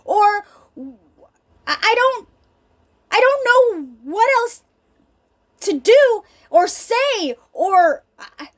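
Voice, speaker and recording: Very high-voiced, earnest middle-aged woman. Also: animated, extremely slow, long pauses. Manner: earnest, emphatic, addresses listeners directly. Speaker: healing ministry speaker. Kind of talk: personal faith talk.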